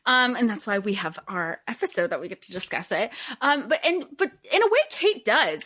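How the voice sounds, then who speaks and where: A woman's voice: moderate pace, hardly any pauses. A young woman co-hosting a podcast, chatting casually and animatedly, acting out characters' lines as she retells a story. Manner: animated, quotes characters with big pitch jumps. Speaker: podcast co-host. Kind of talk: casual fan discussion.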